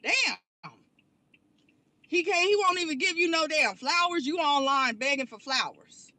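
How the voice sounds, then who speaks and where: A woman's voice: high-pitched, expressive, unhurried, sharp tone, no room sound. A woman content creator delivering a blunt, profane, confrontational rant to the camera. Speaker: online commentary creator. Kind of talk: angry rant vlog.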